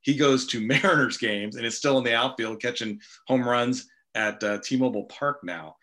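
Male host, casual storyteller, bright and forceful tone. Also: mid-range voice, normal speed. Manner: storytelling, animated anecdotes. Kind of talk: casual conversation.

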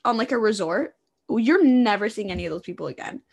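A woman's voice: medium pitch, animated, gravelly, slightly rough. A young woman podcast co-host sharing a casual story, chatty with lots of fillers. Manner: chatty, quick asides, "like" fillers. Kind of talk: casual chat.

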